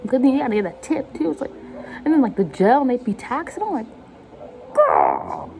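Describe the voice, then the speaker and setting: A woman's voice: high voice, animated, fast, mellow, a little hiss or hum. A young woman vlogging at home in her kitchen, rambling in a casual, jokey chat and poking fun at herself as she cooks. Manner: rambling, jokey, self-mocking. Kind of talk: casual chat while cooking.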